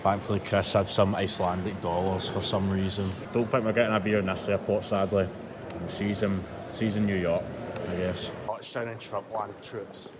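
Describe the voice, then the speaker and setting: Out on crowded city streets and inside bars, a travel vlogger from Scotland talks in a low voice with little pitch movement and a moderate pace. He curses casually and calls out to his audience as boys and troops. His phone captures heavy crowd noise and music around him.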